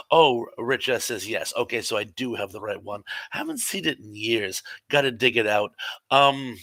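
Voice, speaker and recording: A man hosting a casual live stream, chatting and reading viewer comments aloud with quick asides. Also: mid-range voice, lively intonation, pushed and bright, no echo. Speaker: host reading live chat.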